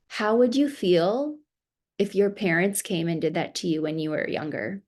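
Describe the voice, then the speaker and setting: A woman's voice: lowish voice, lively intonation, moderate pace. A woman family therapist giving a seminar talk to parents, conversational and coaching, with an American accent. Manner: conversational, warm coaching with acted parent quotes.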